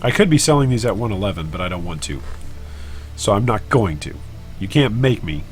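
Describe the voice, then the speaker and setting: A man's voice: on the low side, animated, fairly quick, faint music behind. A man hosting a casual live stream while trading, joking about himself and chatting with viewers. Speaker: gaming streamer and guild leader.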